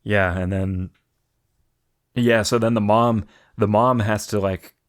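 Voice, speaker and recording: A man's voice: fairly low pitch, steady tone, slow. A man co-hosting a podcast in casual chat, rambling with many fillers. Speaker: podcast co-host.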